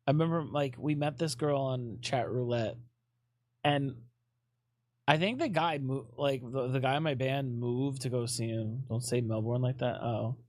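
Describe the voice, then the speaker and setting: A man's voice: mid-range voice, moderate pace, no room sound. A man chatting casually on a live stream, rambling with lots of fillers, swearing often and fidgeting restlessly.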